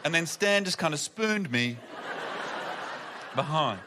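A man tells stories on a comedy stage, animated and quick to act out the people in them. His voice sits high and bright, and a faint hum of room noise runs under it. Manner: animated, acts out family members in loud voices. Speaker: stand-up comedian. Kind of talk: stand-up storytelling. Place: comedy venue with audience.

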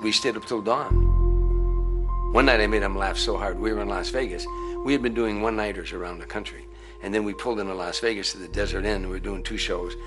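A man with a lowish voice rattles off an anecdote at a quick clip, brisk and lively. Music plays beneath him throughout. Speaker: interviewee. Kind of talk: anecdote telling.

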